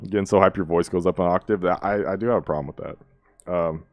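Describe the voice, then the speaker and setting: A man hosting a music reaction and chatting casually. He is excitable, laughs often, and acts out quotes in slangy speech. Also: deep voice, brisk, no echo.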